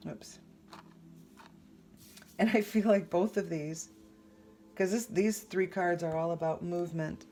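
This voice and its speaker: Low-voiced woman giving a casual tarot reading. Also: steady tone, takes it slowly, pauses often, mellow. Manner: rambling, conversational, frequent fillers and restarts. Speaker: tarot reader.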